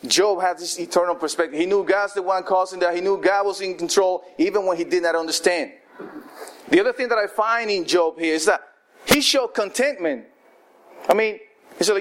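A man preaching a sermon, telling the story lively and acting out what the people in it say. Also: sits high, brisk. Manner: animated storytelling, acting out quoted voices.

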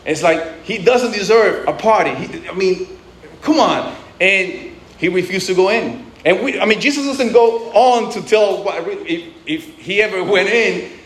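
A man with a high voice preaches in a loose, conversational way. He restarts phrases and breaks into asides. The room around him echoes. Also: unhurried, few pauses, a bit bright. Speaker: pastor. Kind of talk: sermon.

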